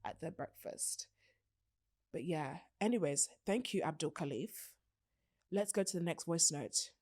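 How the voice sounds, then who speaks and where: A young British woman hosting a podcast in casual chat, animated, laughing often and swearing casually. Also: low voice, unhurried. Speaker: podcast host.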